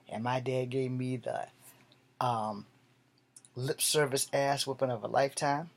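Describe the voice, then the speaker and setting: A man telling a personal story in a vlog, animated and profane, swinging between loud and soft. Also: medium pitch. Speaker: martial arts vlogger.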